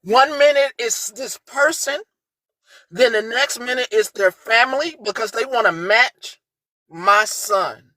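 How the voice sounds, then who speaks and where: A woman hosting a livestream, ranting with heavy profanity and swinging between low, muttered lines and shouted outrage. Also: a little slow, no room sound. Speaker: livestream host. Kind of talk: heated livestream rant.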